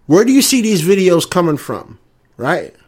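A man's voice: high-pitched, big pitch swings, normal speed, slightly rough. A man with a Southern US accent delivering a combative, profane, repetitive rant. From American South. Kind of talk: ranting monologue.

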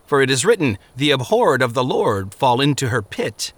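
A man's voice: medium pitch, very animated, normal speed, no echo. A man doing a grave, kindly gatekeeper. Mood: solemn. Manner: solemn, gently chiding.

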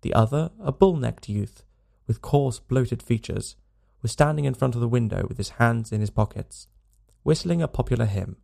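A man narrating a classic story in a measured, dramatic audiobook reading. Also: mid-range voice, expressive, creaky, mellow.

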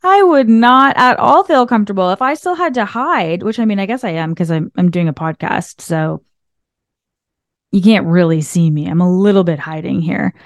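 A woman hosts her own podcast in a relaxed, chatty monologue, often laughing and leaning on "like." Her voice sits at an ordinary middle pitch. It is recorded close and dry at a desk. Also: moderate pace, no room sound. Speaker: podcast host. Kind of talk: casual motivational monologue. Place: small room behind a desk. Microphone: desk microphone.

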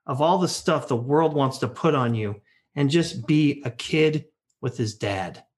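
Guy cohosting a podcast, thinking out loud, kinda rambly. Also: mid-range voice, a little slow. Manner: thoughtful, rambling with fillers. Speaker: podcast co-host. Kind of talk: casual podcast conversation.

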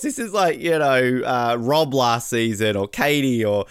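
A man co-hosting a casual podcast about a reality show, talking in an animated way and acting out quotes. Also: medium pitch, smooth, no echo, studio quality. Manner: animated, quick to act out quotes. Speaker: podcast co-host. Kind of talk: casual chat.

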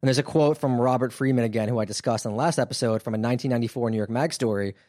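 A male podcast host talks through a true-crime story in a loose, chatty way, dropping in asides and fillers. His voice sits at an average pitch. The sound is dry and close, with no room around it. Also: rapid-fire, dark tone, no room sound. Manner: conversational, filler-heavy, wry. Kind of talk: casual storytelling chat.

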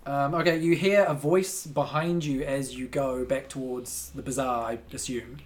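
Low-pitched woman as game master, easygoing and halting. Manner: relaxed, hesitant with fillers. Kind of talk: narrating a tabletop game.

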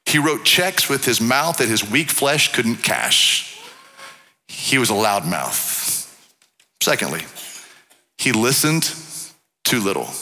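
Emphatic male pastor, bright forceful tone, long hall reverb. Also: big pitch swings. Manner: emphatic preaching, swings from loud to low and slow. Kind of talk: sermon.

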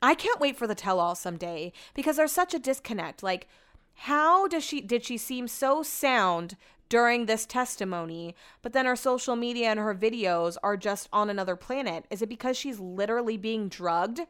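A woman's voice: on the high side, animated, normal speed, fairly bright tone, clean tone. A young adult woman hosting a podcast in casual chat, rambling and chatty, saying like a lot and swearing offhand.

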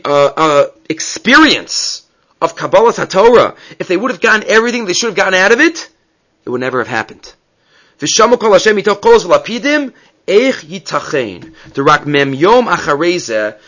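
A man's voice: sits high, bright, forceful tone. A man teaching an evening text study class, reading passages aloud and then explaining them with rhetorical questions. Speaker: Torah teacher.

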